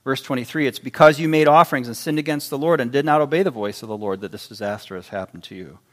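A man preaching a sermon, animated, acting out voices in his illustrations. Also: medium pitch, quick pace.

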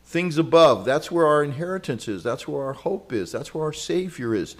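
A man delivers a sermon with a somewhat high-pitched voice, earnest and conversational. He swings from ringing exclamations down to hushed, close retellings, dropping in casual asides and small chuckles along the way. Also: animated, moderate pace. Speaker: preacher.

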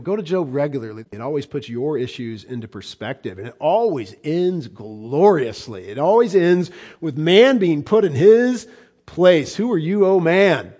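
A man pastor preaching a sermon, emphatic, with rhetorical questions and repetition, swinging between hushed and loud. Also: a little high, husky.

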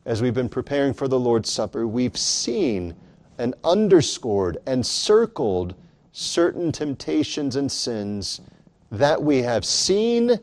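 A man's voice: mid-range voice, very animated, slow pace, a little mellow. A man preaching a sermon in an earnest, emphatic way, rising dramatically on key lines.

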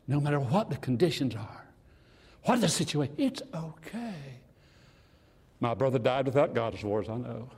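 Animated husky older male preacher. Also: mid-range voice, big-room sound. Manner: animated, swings from loud to hushed. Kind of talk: sermon.

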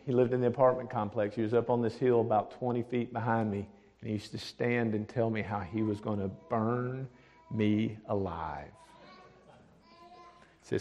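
A man, a pastor, telling a testimony story, dropping to a hush for the words of others. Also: fairly low pitch, steady tone, moderate pace. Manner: drops to a hushed voice for quoted speech. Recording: long hall reverb.

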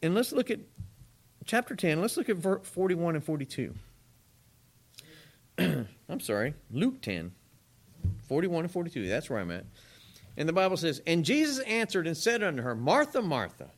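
A man delivers a sermon in a chatty, animated way, talking straight to his congregation. His voice sits a little high and swings widely in pitch as he preaches. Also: normal speed, pauses often.

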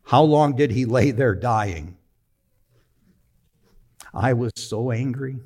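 A middle-aged man preaching a sermon, telling a personal story with emotion, moving from quiet to emphatic. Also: mid-range voice, animated, slow. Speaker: pastor.

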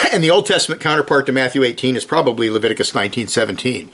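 A man preaches with an expressive, somewhat bright, mid-range voice, earnest and emphatic in tone. Scripture is read slowly with rising stress, and he presses his points with short, repeated commands.

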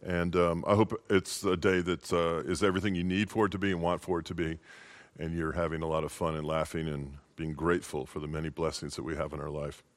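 A man's voice: low voice, level tone, a little fast. A male pastor giving a short, informal holiday sermon in a folksy, conversational way.

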